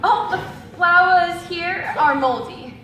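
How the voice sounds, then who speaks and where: Woman acting as a prim innocent maiden, very high voice, slow and drawn out, echoey hall. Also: bright, forceful tone, full character voice. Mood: indignant. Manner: prim, theatrical old-fashioned speech. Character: prim, innocent young maiden, haughty and sharp-tongued. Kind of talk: amateur stage comedy acting. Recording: echoey live hall with faint noise.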